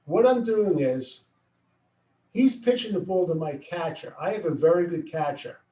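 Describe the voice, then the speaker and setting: Coach explaining plays in an echoey room. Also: male voice, sits high, lively intonation, moderate pace. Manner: explains plays step by step, acts out yelling at players. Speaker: baseball coach. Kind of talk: coaching instruction. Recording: echoey room, far from the mic.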